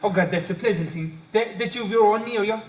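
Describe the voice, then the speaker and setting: An actor playing a polite, gentle Irish countryman who stammers and apologizes, on stage. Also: sits high, a little fast, lightly acted. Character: kindly, polite wandering young countryman. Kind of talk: amateur stage play. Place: stage in a hall. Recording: echoey hall from far off.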